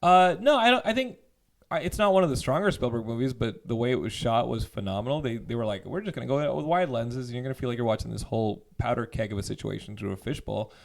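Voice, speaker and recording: Rambling, excitable man guest. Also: mid-range voice, fast, creaky. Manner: rambling, enthusiastic, swears freely. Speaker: podcast guest. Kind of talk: casual chat.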